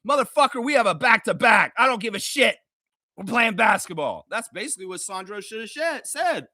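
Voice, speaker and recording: A man's voice: high voice, expressive, fairly quick, sharp tone, no room sound, clean studio sound. A man hosting a sports fan livestream, ranting heatedly and sarcastically with a lot of swearing, then easing into laughing, loose chat. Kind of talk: profane ranting fan commentary.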